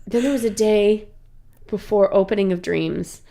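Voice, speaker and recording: A woman in her thirties, an improv actress guest on a podcast, telling animated stories in casual chat. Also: mid-range voice, creaky. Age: 30s. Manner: animated storyteller, laughs often, quick asides.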